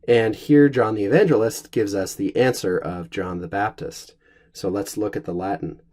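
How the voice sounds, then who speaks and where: A man teaching a Latin lesson, speaking in a measured, explanatory way and slowing down to pronounce the Latin. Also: medium pitch, darkish tone.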